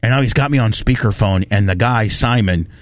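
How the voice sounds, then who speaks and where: A man hosting a radio talk show, telling a story in animated bursts and ranting with lots of restarts. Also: fairly low pitch, a little fast, dry recording. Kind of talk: casual talk radio banter.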